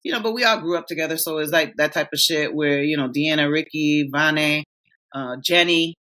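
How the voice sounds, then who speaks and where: A thirtysomething woman co-hosting a podcast speaks at normal speed in a low voice with a sharp tone. The chat is casual, and she swears freely while recounting stories and performing what her friends said.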